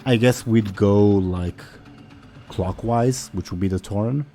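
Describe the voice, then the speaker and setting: A man with a low, mellow voice runs a tabletop game as game master. He narrates in the third person and describes what each character does. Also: takes it slowly, soft background music.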